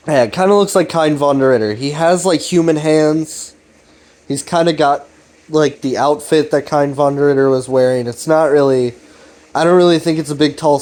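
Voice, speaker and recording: A slightly high, somewhat mellow voice belongs to a video series host giving a casual recap. He's laid-back and rambling, swearing a lot and restarting often.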